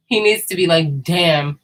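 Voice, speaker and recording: A woman's voice: lowish voice, fairly bright tone, low-quality recording. A woman, talking candidly to her viewers in a loose, slangy monologue full of laughs. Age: 30s. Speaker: vlogger. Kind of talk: casual monologue to camera.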